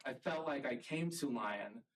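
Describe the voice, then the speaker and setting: A man from the rural South speaks earnestly as he presents his research, pausing often with ums. His voice sits at an ordinary middle pitch, and the mic picks him up from some distance across a lecture room. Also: fairly bright tone. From rural American South. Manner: earnest, halting, with frequent ums. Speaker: college art professor presenting research.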